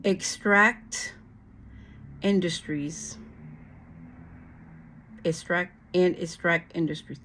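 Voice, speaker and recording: Slow-talking exasperated woman vlogger. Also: on the low side, steady tone, a bit bright, a little hiss or hum. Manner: profane, exasperated, halting with restarts and sighs. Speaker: channel host. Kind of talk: angry commentary while reading a bill aloud.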